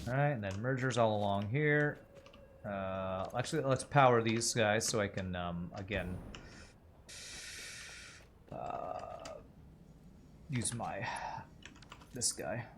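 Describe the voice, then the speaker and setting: A man with a lowish voice streams a game, speaking slowly with frequent pauses over a noisy background. He thinks aloud, working out numbers under his breath and chatting casually with viewers as part of his gameplay commentary.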